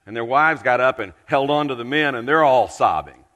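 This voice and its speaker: Male preacher, earnest storyteller with dramatic pauses, bright tone, long church-hall reverb. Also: medium pitch, animated. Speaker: pastor. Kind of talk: storytelling sermon.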